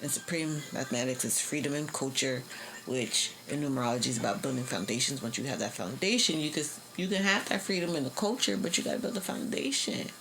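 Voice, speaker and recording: This is a young woman, speaking unusually low for a woman. She talks through a tarot reading in a loose, lively way, full of slang and swear words. A faint hiss sits under her voice. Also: fast, rough recording. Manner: loose, profane, laughing often, slangy. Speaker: tarot reader. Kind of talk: casual tarot reading monologue.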